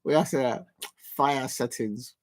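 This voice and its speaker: A man's voice: mid-range voice, unhurried. A man hosting a live stream in a casual, playful way, repeating catchphrases and chuckling to himself.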